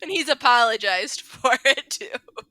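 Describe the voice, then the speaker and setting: A woman's voice: fairly high pitch, expressive, measured pace, pushed and bright, dry recording. A woman guest on a movie podcast, telling stories with enthusiasm and frequent giggles. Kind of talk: casual movie podcast chat.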